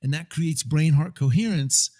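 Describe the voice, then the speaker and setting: A man hosts a relaxed conversation in an upbeat, encouraging way. His voice sits a little high for a man, and he keeps affirming his guest. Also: moderate pace. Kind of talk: casual chat.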